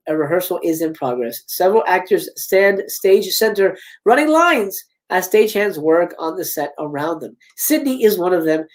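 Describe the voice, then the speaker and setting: A man hosting a live script reading, reading stage directions and breaking off for chatty, animated asides. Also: high voice. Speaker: host.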